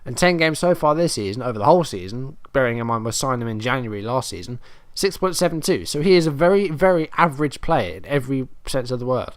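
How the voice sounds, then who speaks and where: A man's voice: mid-range voice, animated, fast talker, few pauses, no room sound, clean studio sound. Exasperated man narrating a football game. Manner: exasperated, self-deprecating, muttering play-by-play. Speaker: gaming commentator. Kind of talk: casual let's-play commentary.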